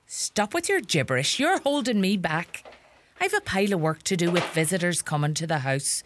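A woman acting out a bossy, sharp-tongued Irish farm mother in middle age, scolding and fussing in a lilting, lively voice. Her Irish accent is thick. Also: on the low side, moderate pace, noisy background. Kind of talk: comedy sketch acting.

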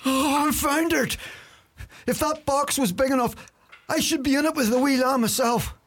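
A man acting out a sly, work-shy old Irish uncle with a strikingly high, reedy voice. He mutters dry, grumbling wisecracks in a thick Irish accent, like a comedy sketch character. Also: steady tone, normal speed, fairly bright tone. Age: older.

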